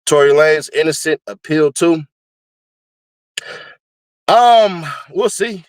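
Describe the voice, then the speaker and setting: Man, casual commentary host, animated, laughs a lot, fairly high voice, dry close sound. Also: a little slow, pauses often, no echo. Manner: animated, laughs often, breaks into high-pitched screaming bits.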